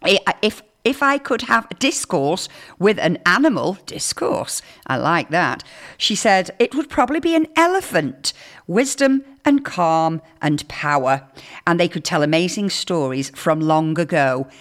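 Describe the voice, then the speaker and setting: A woman hosting a radio show in casual chat, reading out listener messages with chatty, lively emphasis. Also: fairly low pitch, measured pace. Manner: chatty, reads texts aloud with lively emphasis. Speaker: radio host.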